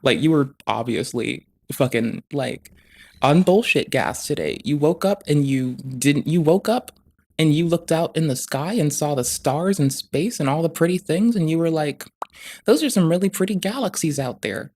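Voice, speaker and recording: A live streamer ranting through stream commentary. The voice stays quiet but rushes along, full of swearing and loose asides that wander off. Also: medium pitch, expressive. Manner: talks quietly and quickly; heavy swearing, rambling asides.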